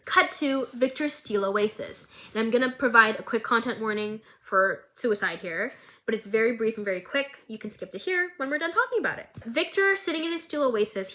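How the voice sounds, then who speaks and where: A woman recapping an animated series in a dramatic, animated storytelling style. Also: fairly high pitch, moderate pace. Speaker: recap vlogger.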